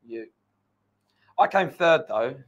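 A laid-back male co-host whose voice moves lively up and down while he chats in short replies. The sound is dull and lo-fi, as if picked up off-mic. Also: mid-range voice, slow. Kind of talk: casual live chat.

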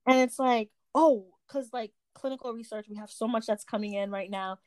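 Higher-voiced young woman, hesitant. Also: moderate pace, darkish tone, smooth, no echo. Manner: searching, hesitant, full of restarts. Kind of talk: casual chat.

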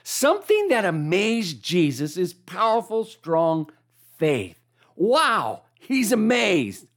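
A preacher delivering a sermon, animated, asking listeners to repeat key lines back. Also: medium pitch, slow.

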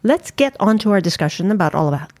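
A woman's voice: mid-range voice, expressive, fast talker, darkish tone, no room sound. A woman co-hosting a podcast, chatting casually and teasing her partner. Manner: giggly, teasing. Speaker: podcast co-host. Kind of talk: casual chat.

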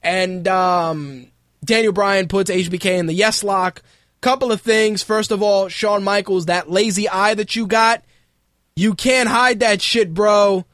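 High-voiced profane podcast host. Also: male voice, measured pace, no echo, studio quality. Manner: profane, mocking rants, animated. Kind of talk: casual wrestling commentary.

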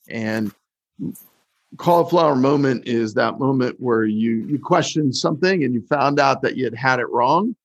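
A man hosting a conversational interview, asking questions in a loose, halting way with restarts. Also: medium pitch, gravelly, slightly rough, no echo, muffled recording. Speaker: podcast host.

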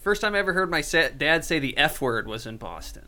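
Bright-voiced chatty male podcast host. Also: on the high side, fairly quick. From suburb of Cleveland. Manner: chatty, animated storyteller, many fillers. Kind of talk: casual chat and storytelling.

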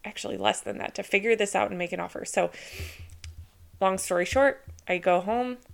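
A woman hosting her own podcast, telling a personal story in a chatty, excitable way with lots of casual fillers. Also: medium pitch, moderate pace, creaky. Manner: introverted by her own account. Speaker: podcast host.

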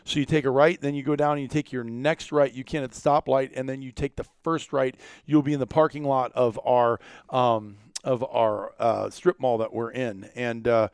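A man's voice: mid-range voice, steady tone, moderate pace, few pauses, a little mellow, clean tone, no echo, clean studio sound. A man hosting a casual podcast from a small media room at his business, rambling and joking with plenty of fillers. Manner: rambling, filler-heavy, jokey. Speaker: podcast host.

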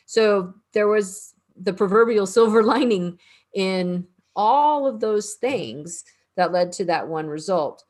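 A woman's voice: medium pitch, animated, takes it slowly, darkish tone. A woman hosting a casual discussion, putting questions to guests and summing up their points. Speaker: host.

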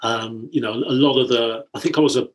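A man's voice: mid-range voice, steady tone, brisk. A man from England hosting a casual chat, telling anecdotes in a chatty way and laughing easily. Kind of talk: casual conversation.

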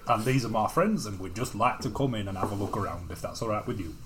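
A man playing a smooth-talking adventurer who tries to talk his way past a gate in a tabletop game. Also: fairly low pitch, expressive, a little fast, fairly bright tone, slight background noise. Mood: wheedling.

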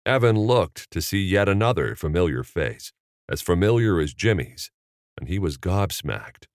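A man narrating an audiobook chapter in a measured, expressive reading. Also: low-pitched, no echo, studio quality. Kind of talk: scripted narration.

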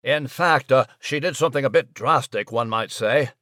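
A man's voice: mid-range voice, normal speed, bright, forceful tone, dry recording, studio quality, lightly acted. A man voicing a proper, well-mannered male mouse who talks in clipped upper-class phrases. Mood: jolly. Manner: clipped upper-class talk with "I say" and "old boy". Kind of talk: audio drama acting.

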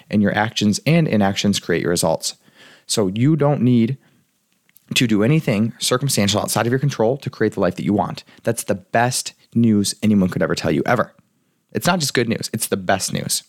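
A young man hosts a casual life coaching podcast, talking fast in a somewhat low voice. He rambles cheerfully, laughs often and fills his talk with "like." The sound is dry and close, with no room in it. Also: no echo. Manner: chatty, rambling, laughs often, says "like" a lot.

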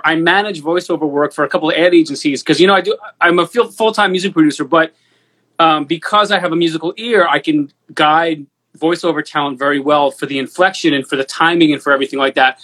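Music producer guy hosting a chat, talkative, kinda high voice, swears a bit. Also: fairly quick, fairly bright tone. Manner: talkative, swears casually, many restarts. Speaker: music producer, podcast host. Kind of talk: casual podcast chat.

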